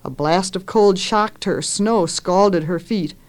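Woman reading a story aloud, expressive. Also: lowish voice. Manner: measured, expressive reading with lifted voices for characters.

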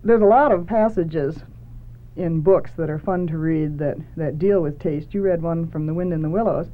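A woman's voice: low-pitched, moderate pace. A woman hosting a talk about books, speaking in a thoughtful, earnest way, over a tinny phone-like line. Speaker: host.

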